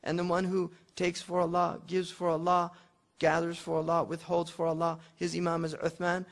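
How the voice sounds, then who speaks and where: A man with a gravelly voice, a touch higher-pitched than most men, teaches a classical logic text as an Islamic scholar. He talks his students through each point in a relaxed, conversational way and slips Arabic terms into his explanations. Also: normal speed.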